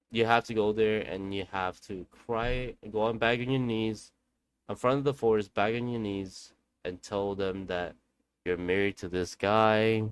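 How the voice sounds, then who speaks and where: A man quoting a female village shaman in his own low voice, telling what must be done in a blunt, instructive way. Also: a little hiss or hum.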